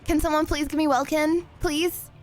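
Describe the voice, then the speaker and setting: A young English woman streaming a game, chatting bubbly and fast with lots of fillers and giggles. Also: sits high, little pitch movement, a little mellow, soft background music. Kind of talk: casual live-stream chatter.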